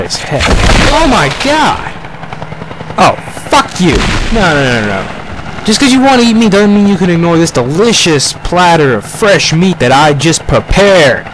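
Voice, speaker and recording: A young man talking through a game in character, swearing and sarcastic with sudden excited outbursts. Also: on the high side. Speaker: gamer playing a paranoid character. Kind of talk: in-character gameplay commentary. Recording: game gunfire noise behind voice.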